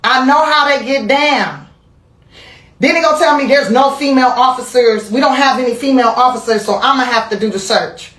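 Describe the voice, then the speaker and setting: Animated, profane woman in an echoey room. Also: a little high, moderate pace. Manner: animated, profane, laughs through her story. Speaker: interview guest. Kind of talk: candid storytelling chat.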